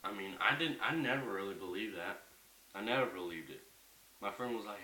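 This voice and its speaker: A man's voice: on the low side, brisk, pushed and bright. A young man ranting in a casual home vlog, heated and profane, rambling as he goes. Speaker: vlogger. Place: bedroom at home. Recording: echoey room, mic at a distance, faint hiss.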